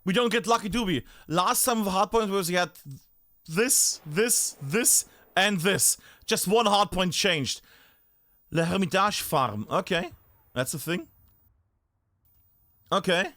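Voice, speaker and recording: Man, game streamer, high lively voice, rambling commentary. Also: measured pace, pauses often, no room sound. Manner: chatty, thinking aloud, self-interrupting.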